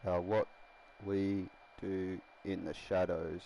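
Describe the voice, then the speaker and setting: A man's voice: low voice, flat delivery, slow pace, dark tone, a little hiss or hum, low-quality recording. A man casually commenting while building a rugby team in a game, rambling and laughing often. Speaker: gaming streamer.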